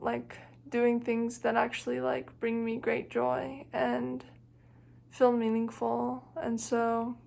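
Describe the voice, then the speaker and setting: A woman's voice: on the high side, creaky. A young woman vlogging about her long-distance hike, talking in a thoughtful, rambling way full of "like" and "you know". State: emotional, near tears. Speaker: thru-hiker vlogger. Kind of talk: reflective casual vlog.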